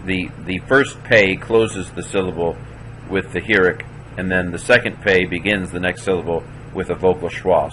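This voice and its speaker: A man teaching a class, slowly sounding out syllables one at a time and stopping to correct himself. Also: low-pitched, steady tone, fairly bright tone, a little hiss or hum, low-quality recording. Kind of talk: classroom walkthrough of Hebrew pronunciation.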